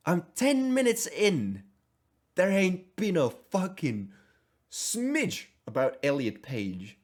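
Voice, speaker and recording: Young man, streamer, reaction commentary, husky, lively pitch, profane. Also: slow. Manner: profane, incredulous, animated.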